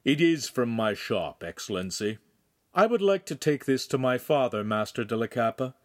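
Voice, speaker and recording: A man's voice: mid-range voice, animated, moderate pace, no room sound, studio quality, lightly acted. A man voicing an anxious, humble craftsman. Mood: deferential pleading. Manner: pleading, respectful. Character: humble middle-aged male lens maker, anxious and deferential.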